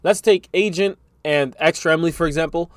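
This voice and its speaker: A man's voice: on the high side, a little fast, no echo. Casual male reaction host with a dry sound. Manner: casual, slangy, conversational. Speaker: commentary host reacting to clips.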